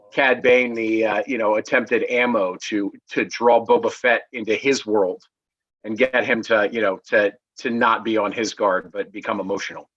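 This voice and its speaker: A man's voice: on the low side, fairly bright tone, no echo. A middle-aged man in a casual review chat, rambling and restarting his sentences as he reaches for the point. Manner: rambling, many fillers and restarts. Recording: dull dry lo-fi remote mic.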